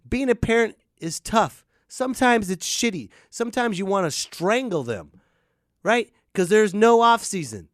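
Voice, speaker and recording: A man hosting a comedic rant, swinging between loud outbursts and muttered asides. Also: high voice, no room sound, clean studio sound. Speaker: podcast host.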